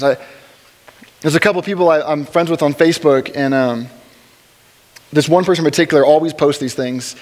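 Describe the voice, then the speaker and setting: A man teaching a church Bible study in a relaxed, conversational way, with joking asides and frequent restarts. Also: a little high, fairly quick, pauses often. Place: church hall. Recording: long reverb of a large hall.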